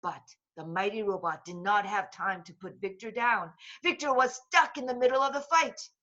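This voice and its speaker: A woman reading a children's book aloud in a slow, expressive voice. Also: mid-range voice, lo-fi sound. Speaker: storybook reader.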